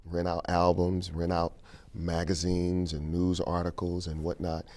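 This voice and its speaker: Male guest, very low mellow voice, storyteller who repeats lines for weight. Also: completely flat delivery, measured pace. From St. Louis, Missouri. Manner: storytelling, repeats phrases for emphasis. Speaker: keynote speaker and King speech performer. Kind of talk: interview conversation.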